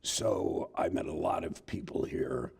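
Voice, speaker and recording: An older man, a theatre professor, telling lively anecdotes in a casual interview and laughing often. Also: low-pitched, unhurried. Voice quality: gravelly, husky.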